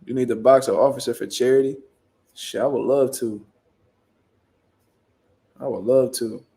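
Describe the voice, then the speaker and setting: Profane, animated young man from Philly. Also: medium pitch, normal speed. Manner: profane, animated street storytelling with acted-out quotes. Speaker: show host. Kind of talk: casual storytelling.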